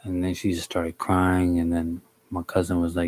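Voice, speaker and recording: A young man from the DC, Maryland and Virginia area telling a story on a live stream in a relaxed, slangy way, greeting viewers by name. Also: sits low, measured pace. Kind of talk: casual storytelling on a livestream.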